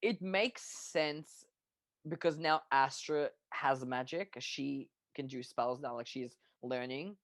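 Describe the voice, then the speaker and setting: A co-host on a casual online fan discussion of a TV show, emphatic, excitable and jokey. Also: mid-range voice, takes it slowly, no room sound. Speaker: podcast co-host.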